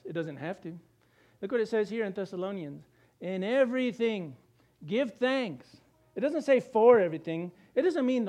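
A man's voice: high voice, a little mellow. A man preaching a conversational sermon, breaking into acted-out voices and chuckles. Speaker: pastor.

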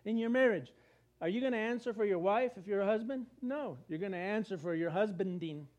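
High-voiced man preaching a conversational sermon. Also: fairly quick, darkish tone. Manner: conversational preaching, asks rhetorical questions and acts out quotes. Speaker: pastor.

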